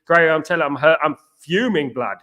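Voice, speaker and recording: A man hosts a live football stream with a fairly high-pitched voice. He talks in quick, repetitive bursts and greets viewers by name between opinions. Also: animated, pushed and bright. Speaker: watchalong host.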